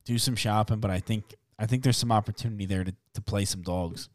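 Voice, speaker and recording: A man hosting a sports betting podcast, chatting casually and briskly reeling off odds and numbers. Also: fairly low pitch, fairly even intonation, no room sound.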